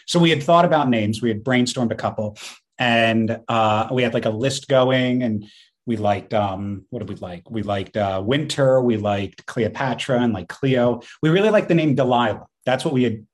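Animated man telling stories, laughing often. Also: mid-range voice, moderate pace. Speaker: podcast co-host. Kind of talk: casual chat.

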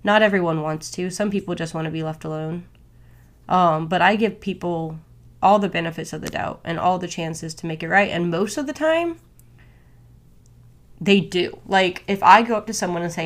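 A woman's voice: lowish voice, normal speed. A young woman hosting a solo podcast, talking candidly and casually with lots of "like" fillers. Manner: candid, conversational, many "like" fillers. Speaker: podcast host.

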